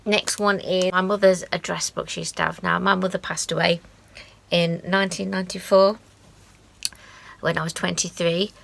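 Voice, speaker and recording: A woman in her forties from the UK, chatting casually and sentimentally as she shows keepsakes to her channel, with quiet asides. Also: fairly low pitch, little pitch movement, moderate pace, creaky. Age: 40s. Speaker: craft vlogger. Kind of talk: casual show-and-tell.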